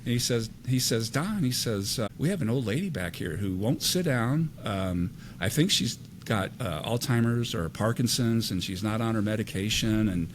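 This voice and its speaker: A man's voice: on the low side, moderate pace, few pauses, a little hiss or hum. An older man, a retired airline captain, telling stories in a casual podcast interview and acting out the dialogue. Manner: animated anecdote teller, acts out quoted dialogue.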